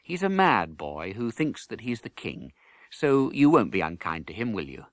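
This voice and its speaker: A man voicing a confident, clever knight who speaks briskly and takes charge. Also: fairly low pitch, sing-song, dry recording. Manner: brisk, commanding.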